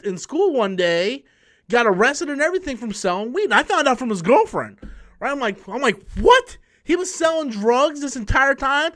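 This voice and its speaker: A man's voice: high-pitched, fairly bright tone. A man hosting a casual live stream and telling rambling, profane stories full of restarts. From New York. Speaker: channel host.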